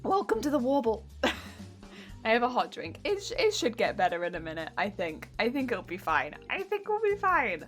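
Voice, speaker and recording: Hoarse woman streamer losing her voice. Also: a little high, huge pitch swings, moderate pace, a bit bright, soft background music. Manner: wheezy, cracking voice, chatty and self-mocking. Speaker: craft streamer. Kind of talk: casual live-stream chat.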